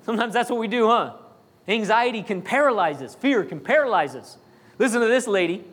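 A man's voice: high voice, animated, brisk, a bit bright, husky. A man preaching a sermon, talking to the congregation in a chatty way, full of jokes and asides. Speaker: pastor.

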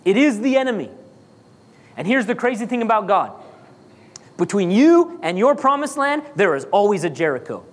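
Guy preaching a sermon, pretty high voice, lots of questions and repeating himself, big echoey hall. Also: big pitch swings, normal speed, pauses often. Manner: emphatic preaching with rhetorical questions and repetition. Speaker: pastor. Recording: long hall reverb.

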